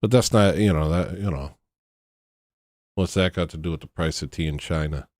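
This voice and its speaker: Sitting low and a little mellow, a male livestream host rants casually at a moderate pace. He's blunt and meandering, often starting over, and the sound is clean studio quality without echo.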